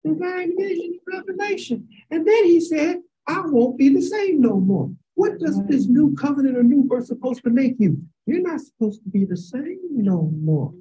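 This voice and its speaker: A woman with a Chicago accent leading a Bible class over a video call, quizzing students with questions and drawn-out emphasis, sometimes rising to shouts. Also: sits high, rough recording.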